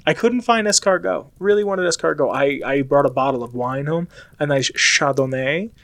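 A chatty young man from the United States rambles through a casual monologue, full of filler words. His voice sits a little high. The recording is dry and close. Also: normal speed, a bit bright, no room sound.

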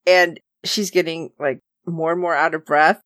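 A woman co-hosting a casual chat, recapping an episode and acting out the characters' lines with lively reactions. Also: low voice, moderate pace, no echo, clean studio sound. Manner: animated, acts out characters' lines. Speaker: podcast co-host recapping a TV episode.

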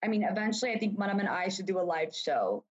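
A woman's voice: medium pitch, big pitch swings, quick pace, slightly rough. A young adult woman co-hosting a podcast, gushing over a video call and saying "like" constantly. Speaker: podcast co-host. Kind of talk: casual chat on a video call. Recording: dull lo-fi video call audio.

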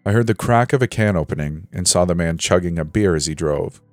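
A man narrating a horror story in a slow, measured way. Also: sits low, darkish tone, no echo. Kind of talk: scripted narration. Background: faint music.

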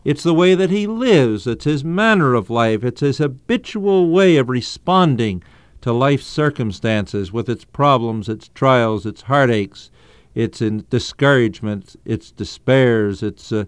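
A man's voice: medium pitch, clear, resonant tone, no echo. Emphatic man teaching the Bible on radio. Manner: earnest, emphatic, stretches key phrases.

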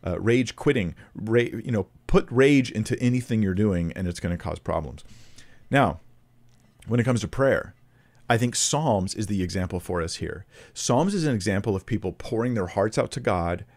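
With a lowish, darkish voice and lively intonation, this man teaches the Bible informally at a moderate pace. He's conversational, working through ideas aloud with fillers and false starts, and builds emphasis when reading scripture as a preacher.

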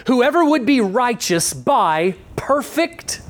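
A pastor walking a congregation through scripture in a morning sermon. The voice sits at an ordinary middle pitch and drops into slow, deliberate stretches to land key words, then circles back to restate each point a second and third way. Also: sing-song. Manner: slows down sharply to stress key words and phrases; restates points in repeated phrasing. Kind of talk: expository sermon.

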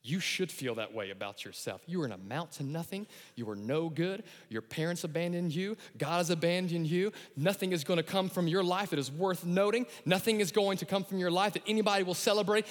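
A man preaching a lively sermon, acting out voices and shouting his key lines. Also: sits high, fairly quick, hardly any pauses. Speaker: pastor. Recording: long hall reverb.

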